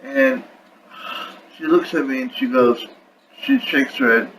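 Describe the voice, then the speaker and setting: A man's voice: mid-range voice, a little slow, a bit bright, slight background noise, low-quality recording. A young man venting about his health in a frustrated, rambling way, talking casually to camera at home. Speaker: vlogger. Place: at home with his dog on his lap.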